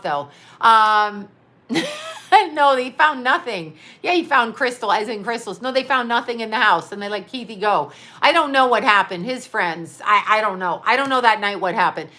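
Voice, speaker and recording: A middle-aged woman tells a meandering story on a casual livestream, laughing often and cursing freely. Her voice sits a little high, with a bright, forceful edge. She drifts off topic and reads replies out as she goes. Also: expressive, moderate pace. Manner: rambling, chatty storytelling with frequent laughs and swearing. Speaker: psychic medium and astrologer. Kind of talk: casual livestream chat reading comments.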